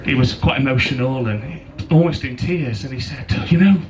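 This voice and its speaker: A man's voice: medium pitch, moderate pace, a little mellow, low-quality recording. A young man giving a teasing best man speech into a handheld microphone at a wedding reception, joking and laughing between lines. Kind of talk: wedding speech with a rhyming poem. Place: wedding reception venue with guests. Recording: wedding video with crowd noise. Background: crowd of guests laughing.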